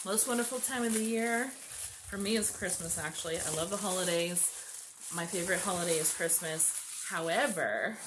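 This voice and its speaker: Gushing woman with a lively voice. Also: fairly low pitch, background noise. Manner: gushing, gasping and laughing often. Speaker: vlogger opening gifts. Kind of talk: casual unboxing chat.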